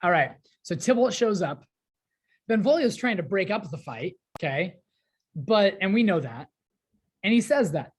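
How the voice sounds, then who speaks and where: A woman's voice: medium pitch, sing-song, normal speed, husky. A woman teacher casually explaining a play, paraphrasing lines in chatty modern slang.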